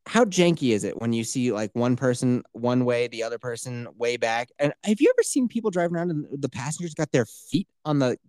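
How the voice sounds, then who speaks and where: A man ranting through a casual podcast story, swearing freely as his pitch climbs and drops across a lively range. His voice sits at an ordinary middle pitch and sounds close and dry, with no room echo. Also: fairly quick, few pauses. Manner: profane, animated ranting storyteller.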